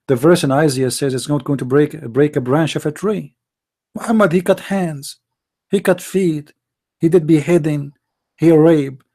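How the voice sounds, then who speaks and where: Slightly high and mellow, this man's voice belongs to the host of a live online call-in debate show. He speaks heated non-native English and presses on with rhetorical questions.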